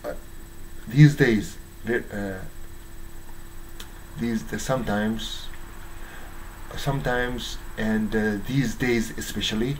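A man with a Japanese accent, hoarse from strain, giving a halting monologue full of fillers and restarts. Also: lowish voice, fairly even intonation, slight background noise, rough recording. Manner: halting, many fillers and restarts, searching for English words. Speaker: YouTuber. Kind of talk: slow rambling monologue.

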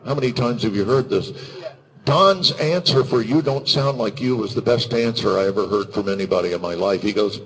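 An older man on a convention panel, animated and storytelling, who drops into announcer and character voices. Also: lowish voice, a little fast, slight background noise, low-quality recording. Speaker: voice actor and panel guest. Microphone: handheld microphone.

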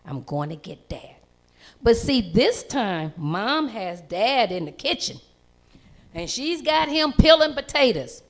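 A woman telling a children's story in church, with animated storytelling and lively voice changes. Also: medium pitch, measured pace.

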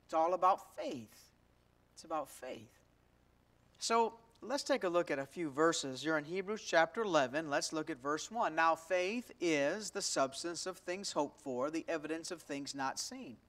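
In a church sanctuary, a pastor with a slightly high, lively voice prays softly, then preaches to his congregation with rising emphasis, stressing key words and asking them questions. He speaks at normal speed with few pauses.

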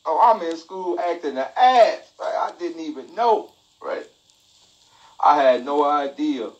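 Man host, comic storyteller, lively, somewhat high voice, phone-live feel. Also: a little slow, dull audio. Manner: animated, laughing, repetitive exclamations. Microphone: phone mic.

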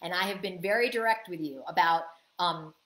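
A woman's voice: on the low side, brisk, fairly bright tone, roomy sound. A woman business coach giving a live online coaching talk, answering chat questions and acting out little quoted exchanges.

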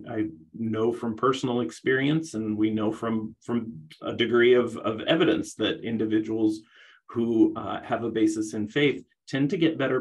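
A middle-aged man giving a conference presentation on rehabilitation, talking in a halting way with many restarts. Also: on the low side, poor audio. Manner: hesitant, many restarts and fillers.

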